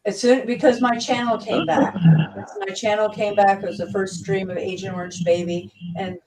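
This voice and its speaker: A woman hosting a casual livestream chat, rambling with many halting restarts. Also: medium pitch, steady tone, a little mellow. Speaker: livestream host. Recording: distant mic with faint noise.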